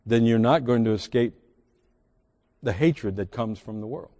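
In a large church sanctuary, a pastor reads scripture aloud during his sermon, with emphatic swells and sudden drops. His voice is medium-pitched and dark, measured in pace, with a big-room sound.

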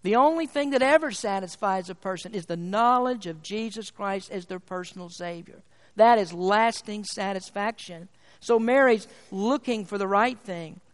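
A man's voice: sits high, normal speed, in a large hall. A man preaching a sermon in a church, emphatic and full of rhetorical questions.

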